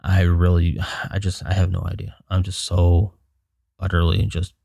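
Gravelly, low-voiced man venting. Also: flat delivery, normal speed, dark tone, no echo, studio quality. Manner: frank, rambling venting with profanity. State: frustrated and low. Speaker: podcast host. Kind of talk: solo podcast monologue.

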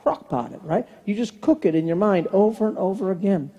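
A man, a pastor, preaching a sermon in an animated, conversational way with rhetorical questions. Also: sits high, brisk.

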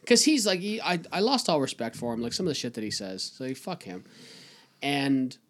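A man's voice: medium pitch, sing-song, a little fast. A man from Canada co-hosting a podcast, bantering casually about politics with frequent swearing and jokes. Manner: profane, joking banter. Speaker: podcast co-host.

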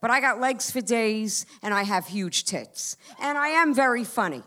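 A woman's voice: on the high side, lively intonation, normal speed, bright, forceful tone, slight background noise. A woman in her fifties doing stand-up storytelling, brash and profane, talking straight to the crowd. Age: 50s. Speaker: comedian.

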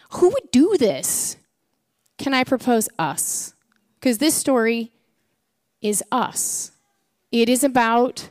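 A woman preaching a sermon, telling a parable with playful, animated rhetorical questions. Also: fairly high pitch, clear, resonant tone, dry recording, studio quality. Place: church.

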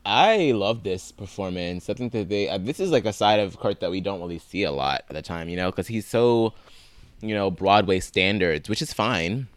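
A man's voice: low-pitched, animated, moderate pace, clean tone, dry recording. A man co-hosting a casual podcast, enthusiastic and swearing freely. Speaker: podcast co-host.

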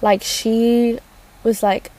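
A woman's voice: a little high, little pitch movement, drawn-out words, dark tone. Giggly, rambling young woman. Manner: giggly, rambling, many fillers and restarts. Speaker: podcast host. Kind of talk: casual personal storytelling.

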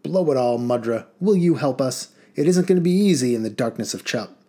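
A man's voice: medium pitch, expressive, brisk, mellow, close to an everyday voice. A man voicing a pompous, old-fashioned male general who blusters and harrumphs in an audiobook reading. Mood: blustering.

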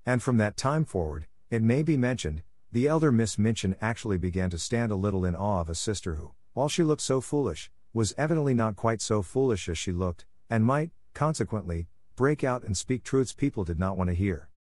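A man narrating a classic storybook in a measured, even reading. His voice sits fairly low, and the recording is dry and close, with no room around it. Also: dry recording.

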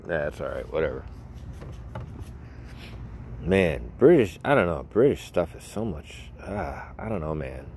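Young male podcast host, low-pitched, loose and self-mocking, casual solo talk. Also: very animated, unhurried, creaky, long pauses, darkish tone, slight background noise. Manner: rambling, jokey, self-mocking. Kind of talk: rambling solo podcast chat. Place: outdoors.

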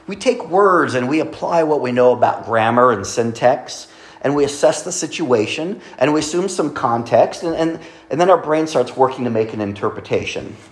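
A male pastor giving a conversational sermon, asking his congregation questions and pausing over his words. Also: mid-range voice, lively intonation, reverberant, rough recording. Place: church sanctuary.

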